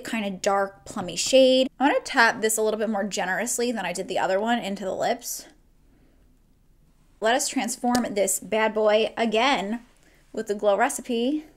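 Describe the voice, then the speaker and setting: Gushing young woman with a gravelly edge. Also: on the high side. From New Jersey. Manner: chatty, gushing, swears casually. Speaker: beauty vlogger. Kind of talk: casual makeup tutorial. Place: at home, indoors.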